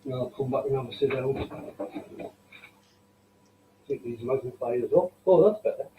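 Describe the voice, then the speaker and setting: A man with a mellow, warm voice hosts a live stream from his workshop. He talks casually while working at the lathe and slips in dry, wry jokes. A faint noise sits behind him. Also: mid-range voice, normal speed, poor audio. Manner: joking, wry, dry humour. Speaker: woodturner hosting a live stream. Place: home workshop.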